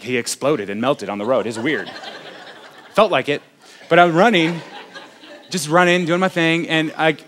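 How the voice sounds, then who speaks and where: A man's voice: medium pitch, fairly bright tone. A man, a pastor preaching a sermon in a conversational, self-deprecating, joking way.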